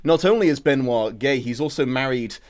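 A man's voice: medium pitch, a little fast, darkish tone. A British man, a podcast guest, chatting casually about a film with lots of fillers and laughs.

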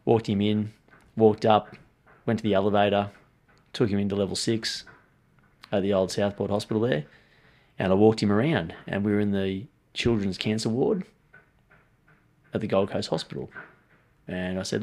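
A man with a low voice tells stories as a podcast guest. He is blunt and animated, and he swears without a second thought, like a coach who speaks his mind. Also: moderate pace, long pauses. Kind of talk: casual podcast storytelling.

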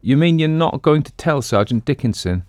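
In a dry, studio-quality recording, a man voices a polite, curious young woman who speaks primly. His medium-pitched, darkish voice is animated and moderately paced, raised above his own natural register while still sounding natural.

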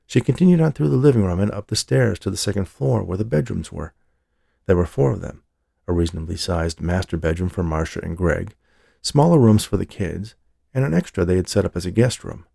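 A man reading an audiobook in a steady, measured storytelling voice. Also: low-pitched, vocal fry, no echo, clean studio sound. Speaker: audiobook narrator. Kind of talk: scripted narration.

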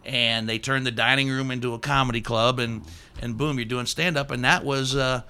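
A man hosting a laid-back interview, full of jokes and teasing. His voice is bright and edged, at an average pitch. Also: fairly even intonation, moderate pace, smooth. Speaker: podcast host. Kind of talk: casual interview chat.

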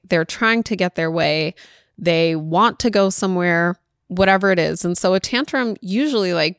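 A woman in her thirties hosting a parenting show, chatty and warmly conversational, laughing easily and peppering her talk with "like." Her pitch sits in the middle range. The recording is dry and close, with no room echo. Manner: chatty, laughs often, many "like" fillers. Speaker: parenting podcast host. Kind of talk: casual chat.

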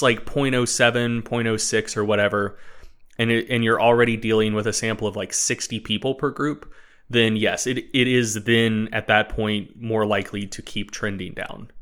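A man's voice: on the low side, fairly bright tone. A man acting as guest co-host in casual chat, thinking aloud through detailed technical examples and playfully needling his partner.

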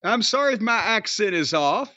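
A man's voice: high-pitched, expressive, normal speed, bright, forceful tone, dry recording. An older man hosting a casual wrestling podcast, ranting with profanity and sarcastic rhetorical questions. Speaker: podcast host. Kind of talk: casual wrestling review chat. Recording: slightly dull, dry podcast audio.

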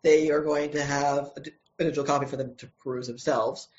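A man's voice: on the high side, fairly even intonation, quick pace, darkish tone, highs cut off. A man, a comic book writer and co-creator, answering interview questions in a casual, hesitant way.

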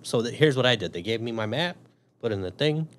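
A man's voice: mid-range voice, fairly quick. A man telling a story in casual chat, swearing often and acting out his own thoughts. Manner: profane, animated storyteller.

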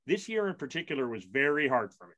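A man in his forties co-hosting a casual podcast chat, rambling and self-mocking with quick bursts and restarts. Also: mid-range voice, sing-song, fairly bright tone, dull audio. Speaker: podcast co-host.

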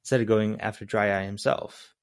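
A man's voice: lowish voice, steady tone, a little fast, smooth. A man co-hosting a casual movie podcast, chiming in and asking questions. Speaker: podcast co-host.

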